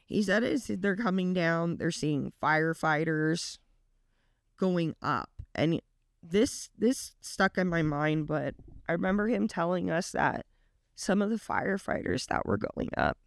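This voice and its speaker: A woman's voice: on the low side, lively intonation, a little slow, vocal fry, dry recording, studio quality. A woman reaction vlogger earnestly retelling a story in a casual, emotional way.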